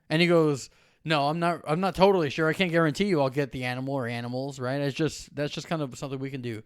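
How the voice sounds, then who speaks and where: A man giving a weekly devotional, telling a story in a lively, animated way and laughing often. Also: fairly high pitch, fairly quick, smooth. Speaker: preacher. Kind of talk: devotional talk.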